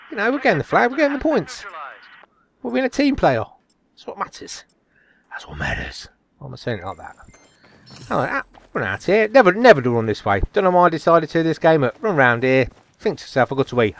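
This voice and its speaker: A man's voice: a little high, fairly bright tone. A man giving jokey, chatty, self-mocking commentary over a video game. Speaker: gameplay commentator. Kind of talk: casual gameplay commentary.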